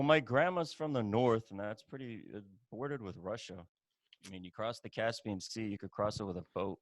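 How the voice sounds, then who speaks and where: A man's voice: lowish voice, no echo. A man from Iran, a guest on a podcast, bantering with jokes and mock indignation in casual chat.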